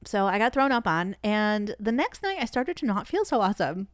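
A woman co-hosting a podcast, telling a story in a casual, animated way and laughing through it. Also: medium pitch, moderate pace, no room sound, clean studio sound. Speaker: podcast co-host.

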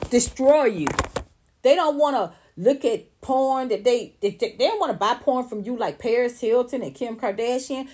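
A woman's voice: a little high, a little mellow. A woman commentator on a livestream, ranting in a blunt, profane, emphatic way and talking straight to her viewers and chat. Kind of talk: unscripted livestream rant.

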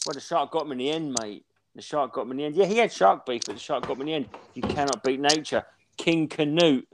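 Man, 40s, podcast co-host, rambling, sweary, a touch high-pitched. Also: fast talker, noisy background. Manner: rambling, sweary, animated storytelling. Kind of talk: casual chat.

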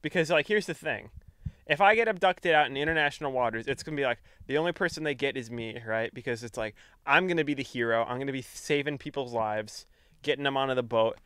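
A man's voice: fast, clean tone, no echo, studio quality. A young man co-hosting a podcast, rambling through a long story in casual chat. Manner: rambling storyteller, lively swings in pitch. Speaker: podcast co-host.

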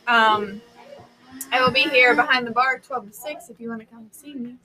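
A woman's voice: on the high side, moderate pace, music in the background, low-quality recording. A woman hosting a casual live-stream chat with a friend, bubbly and chatty, laughing often. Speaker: host.

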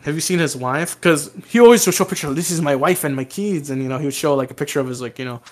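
A man co-hosting a podcast, telling a crude story loudly and swearing often. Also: on the high side, rapid-fire. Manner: loud animated storytelling, swearing. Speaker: podcast co-host. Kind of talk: casual crude podcast chat.

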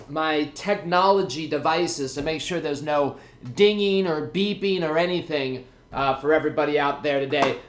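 A young man hosting a casual podcast to camera, energetic and jokey as he chats with his viewers. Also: on the high side. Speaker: podcast host. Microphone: camera mic.

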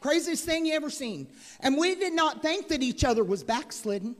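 A woman preaching a sermon as guest speaker into a handheld microphone, moving between chatty asides and fervent, loud preaching. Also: high-pitched, animated, normal speed. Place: church sanctuary. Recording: long hall reverb in a church.

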